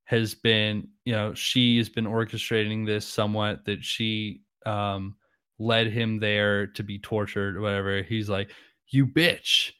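A man's voice: on the low side, monotone, unhurried, a bit bright, smooth, dry recording, studio quality. A man casually discussing a horror film, retelling scenes with lots of fillers.

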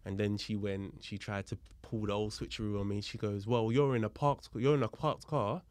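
A man's voice: lowish voice, moderate pace, no echo, studio quality. A man, a police officer, telling a story as a podcast guest, acting out both sides of a dialogue and explaining the legal points. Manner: lively retelling that acts out both sides of a dialogue. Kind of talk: casual storytelling in conversation.

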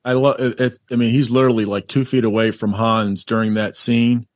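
A man's voice: medium pitch, flat delivery, a little fast, no echo, studio quality. A male podcast co-host in casual movie chat, rambling and laughing easily.

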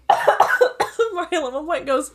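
A woman's voice: sits high, lively intonation, takes it slowly, a bit bright. A young woman telling a funny story in casual chat, laughing often as she goes.

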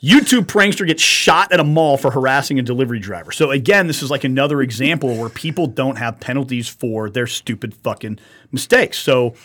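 A man's voice: mid-range voice, brisk. A man co-hosting a casual podcast, swearing a lot and acting out what people said as he tells a story. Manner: animated storytelling, acts out quotes, swears often. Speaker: podcast co-host. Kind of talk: casual profane podcast chat.

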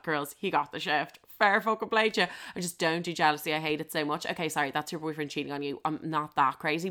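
A young woman with an Irish accent telling a story in a brash, profane, animated way on a podcast. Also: low-pitched, clean tone. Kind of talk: casual anecdote storytelling.

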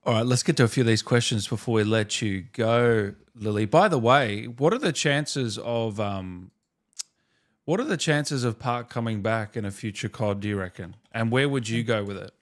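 A man's voice: medium pitch, normal speed. A man hosting an interview, asking loose, friendly questions and laughing easily. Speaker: host. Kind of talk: casual interview chat.

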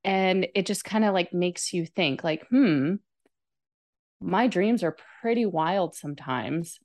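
A woman co-hosting a casual conversation, relaxed and thoughtful, pausing with fillers as she talks. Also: fairly low pitch. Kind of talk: casual chat.

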